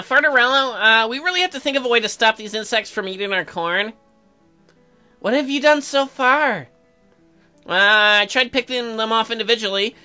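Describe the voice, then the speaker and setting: A man's voice: very high voice, sharp tone, clear, resonant tone, heavily acted. A man voicing an eager young newlywed woman colonist, reading game dialogue aloud in a raised, pleading voice.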